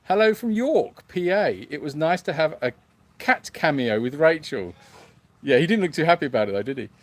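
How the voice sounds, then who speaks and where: A man's voice: a little high, animated, moderate pace. A man hosting a sanctuary livestream, reading viewer comments aloud in a hesitant, self-mocking way with lots of fillers. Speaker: animal sanctuary host.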